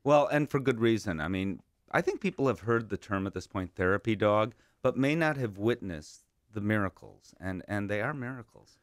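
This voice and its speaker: A man with a low voice hosts an interview and encourages his guest with questions. The sound is dry and close, as in a small studio. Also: expressive, normal speed, hardly any pauses, no echo.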